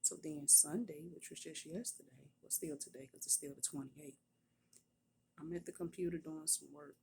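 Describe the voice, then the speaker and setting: A woman, a prophetess, telling a personal testimony in a hushed, partly whispered voice while at her workplace. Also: low-pitched, normal speed, gravelly, a little hiss or hum.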